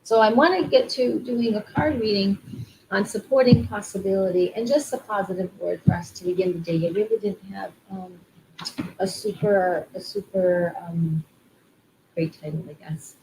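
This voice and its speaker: A woman talking casually to her viewers about spiritual growth in a gentle, rambling way, repeating affirmations aloud to practise them. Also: mid-range voice, moderate pace, noisy background. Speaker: spiritual vlogger and card reader. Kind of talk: casual spiritual talk to camera.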